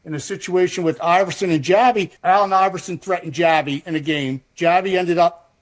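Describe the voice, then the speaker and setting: A former referee recounts a game in a steady, matter-of-fact manner. His voice sits fairly high for a man, and he tells the story plainly in a recorded interview. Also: a little fast.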